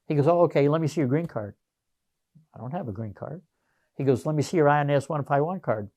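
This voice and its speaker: A man's voice: fairly high pitch, expressive, quick pace, darkish tone. Chuckling older man telling stories. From Canada. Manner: chuckling raconteur, acts out quoted voices. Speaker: interviewee, retired Marine. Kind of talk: storytelling in casual interview.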